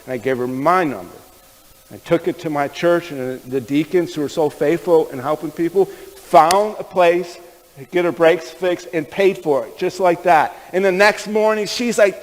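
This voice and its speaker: A man's voice: on the high side, lively intonation, moderate pace, in a large hall, rough recording. A man preaching a sermon, telling stories in a folksy, conversational way and speaking directly to the men in the room. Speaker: pastor. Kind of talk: sermon storytelling.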